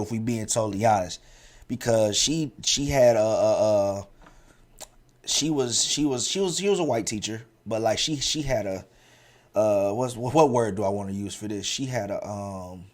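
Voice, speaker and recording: A man hosting his own podcast and telling stories from his school years in a slangy, animated, casual way, with many restarts. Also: lowish voice. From central Ohio. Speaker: podcast host. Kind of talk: casual storytelling monologue.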